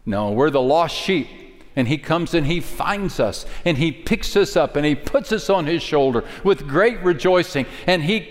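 A man preaching a sermon. He swings from strong, rising declarations down to hushed, near-whispered phrases. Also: on the high side, animated, normal speed. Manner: dynamic preaching, dropping to a hush for key lines. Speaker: pastor. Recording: hall reverb.

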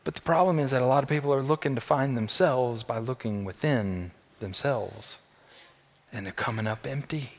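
A man preaches a sermon in a church, his voice at an ordinary middle pitch. He leans on repetition and swings between near-hushed phrases and loud, urgent refrains. A long reverb from a big hall trails every line. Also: moderate pace. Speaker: pastor. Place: church sanctuary. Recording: long echo of a large hall.

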